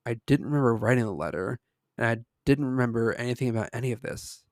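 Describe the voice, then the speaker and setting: A man's voice: mid-range voice, fast, dry recording, studio quality. A man reading a first-person horror story aloud in an earnest way, with small slips. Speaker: story reader.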